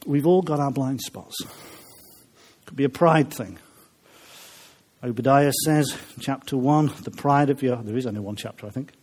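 A man's voice: mid-range voice, normal speed, long pauses, a little mellow, husky. A man preaching a humorous sermon, chatty and joking with his listeners between points. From Welsh family. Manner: chatty, joking asides to the congregation.

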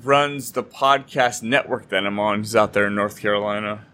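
A man's voice: on the low side, moderate pace, pushed and bright. A man hosting a podcast, chatty and joking with his guests. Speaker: podcast host. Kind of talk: casual podcast interview.

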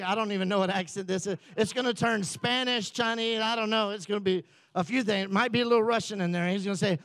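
A pastor delivering a sermon, a man who tells the story with easy jokes and asides. His voice sits high for a man. The sound is dry, with little room around it. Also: steady tone, quick pace, hardly any pauses, fairly bright tone, no room sound. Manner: joking, conversational storytelling.

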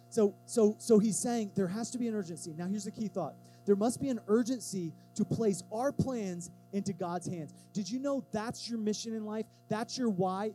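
Speaking in a high pitch, this pastor gives a sermon in a relaxed but emphatic manner and acts out quoted lines with animated voices for the congregation. The recording is low quality.

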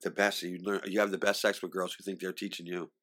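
A middle-aged man telling candid stories in an interview, animated, laughing often and moving between loud and hushed. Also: sits low, fast talker.

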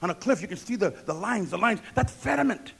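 A man's voice: high voice, expressive, brisk, gravelly, fairly bright tone, husky. A male pastor preaching a sermon, emphatic and repetitive, asking the congregation questions and answering them himself.

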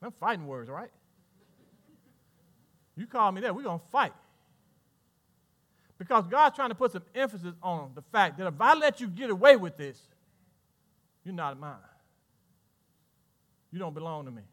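A male pastor preaching a sermon. He asks the congregation questions and swings between loud, rising lines and hushed asides. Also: high-pitched, very animated, moderate pace, long pauses.

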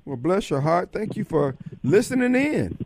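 A man's voice: sits high, very animated, normal speed, noisy background. A man hosting a radio talk show, folksy and fiery, taking callers and giving warnings. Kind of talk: talk radio monologue and call-in.

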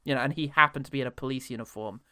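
A man's voice: mid-range voice, racing, sharp tone, no room sound, clean studio sound. A man co-hosting a casual film-review podcast, jokey, laughing often and swearing freely. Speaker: podcast co-host.

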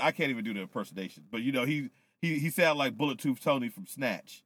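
A man in casual podcast chat, breaking down a wrestling show with loose, profane energy. He sounds a little tipsy from whiskey, and his voice sits at an ordinary pitch. The recording is close and dry, with no room sound. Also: fast, few pauses, no room sound. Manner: loose, profane, animated storytelling. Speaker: podcast co-host.

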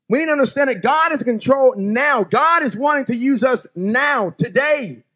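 Pastor in the pulpit, higher male voice, folksy sermon that swings between soft reading and loud exhortation. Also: animated, moderate pace, few pauses. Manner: folksy, talks straight to the congregation. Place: church sanctuary.

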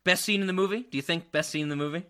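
A man hosting a casual movie podcast, animated, laughing and swearing freely. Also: on the high side, very fast. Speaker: podcast host. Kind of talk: casual movie review chat.

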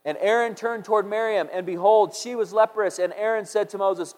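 A man's voice: high-pitched, fairly quick, hardly any pauses, a little mellow. A man preaching a sermon, reading scripture aloud and acting out the quotes with big swings in volume. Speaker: pastor. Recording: long hall reverb.

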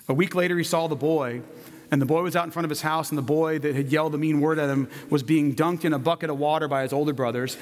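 A man preaching, telling a children's story in a gentle, narrative manner. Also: on the high side, fairly even intonation, fast talker, big-room sound. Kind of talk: sermon storytelling.

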